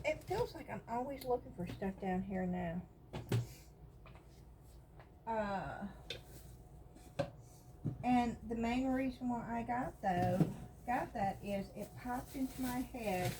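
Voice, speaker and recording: A woman with a Southern US accent chatting casually about craft finds, excited about bargains and rambling into little asides. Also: fairly high pitch, takes it slowly, long pauses, background noise. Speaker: craft vlogger. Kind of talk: casual haul and craft chat.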